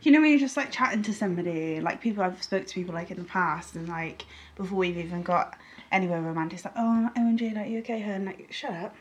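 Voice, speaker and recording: A woman's voice: on the low side, fast talker, slight background noise. Blunt, laughing woman. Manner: blunt, laughs often, animated. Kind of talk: casual chat.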